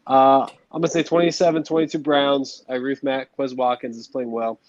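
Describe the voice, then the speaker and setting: A man's voice: mid-range voice, a little fast, no room sound, lo-fi sound. A man on a sports podcast over a video call, ranting bluntly and swearing casually. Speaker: podcast panelist.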